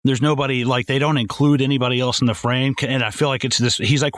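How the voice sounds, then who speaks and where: A man co-hosting a podcast, chatting casually and excitedly about a film, swearing a lot and acting out lines from it. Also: medium pitch, fast, hardly any pauses. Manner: animated, swearing, acts out movie lines in voices. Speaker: podcast co-host.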